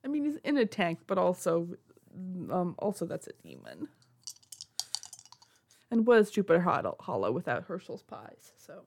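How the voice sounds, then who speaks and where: A woman playing a tabletop horror game, expressive and quick to laugh. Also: lowish voice, vocal fry. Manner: giggly, expressive. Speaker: player.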